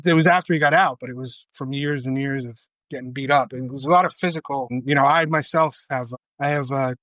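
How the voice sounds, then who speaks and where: A man's voice: medium pitch, fairly bright tone, no echo, low-quality recording. A middle-aged man, a retired fire lieutenant appearing as a guest, talking plainly and matter-of-factly in a casual interview.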